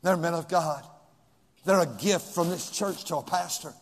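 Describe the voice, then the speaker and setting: Dramatic high-voiced male preacher, echoing church. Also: normal speed. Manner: dramatic, swings from shouting to hushed whispers. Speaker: pastor. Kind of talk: preaching sermon.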